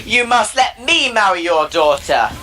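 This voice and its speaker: A man voicing a showman in a spoken fairy tale who barges in and boasts. He speaks loudly, pitched a little above a normal voice. His delivery is brash and full of himself. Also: sing-song, measured pace, music in the background. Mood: boastful. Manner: loud boasting.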